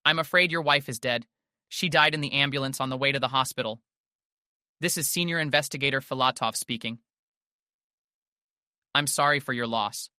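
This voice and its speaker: A man voicing an older police investigator who speaks in a calm, official, measured way. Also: mid-range voice, clear, resonant tone, no echo, clean studio sound. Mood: formal.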